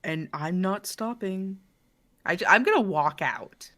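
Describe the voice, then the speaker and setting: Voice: mid-range voice, lively intonation, measured pace, bright, forceful tone. A player voicing an apathetic college art student who talks in a dismissive, grumbling way during a tabletop role-play. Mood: sullen.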